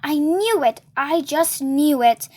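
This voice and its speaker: Casting: rough chatty chain-smoking woman, high voice, read by a woman. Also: lively intonation, slow pace, darkish tone.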